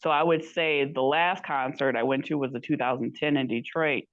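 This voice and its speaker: With a rumbling low voice, fairly even intonation, and a moderate pace, a female podcast guest rambles through a story and gives voice to the people she quotes. The sound is lo-fi, carrying a faint hiss or hum.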